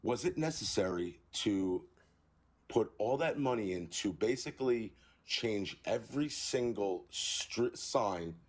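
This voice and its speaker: A middle-aged man from New York calling into a live stream debate, arguing in a halting, tired way. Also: on the low side, lively intonation. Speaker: caller.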